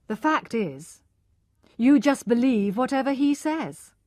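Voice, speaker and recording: A woman voicing a passionate, pushy young gentleman who has given up preaching, speaking urgently and insistently. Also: a little high, sing-song, slow pace, no room sound, clean studio sound, pitched above the performer's own voice. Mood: pleading, insistent.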